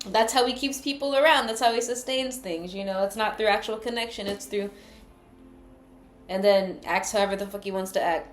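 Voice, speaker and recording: A woman's voice: mid-range voice, fairly quick, reverberant. A woman giving a casual tarot reading, chatty, loose and full of profanity. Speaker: tarot card reader.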